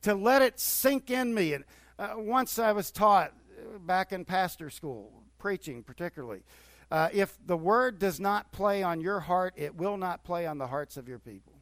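A middle-aged man preaching a sermon in an easy, talk-to-you way, his fairly high voice climbing with bursts of excitement. The sound is dry and close, with no room around it. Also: normal speed, dry recording. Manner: conversational preaching with rising bursts of enthusiasm. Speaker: pastor.

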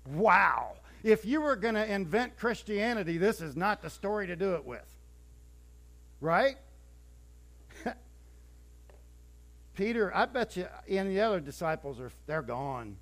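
High-voiced animated male preacher. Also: unhurried, pauses often. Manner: animated storytelling, acting out scripture scenes; conversational, with stumbles and restarts. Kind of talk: sermon.

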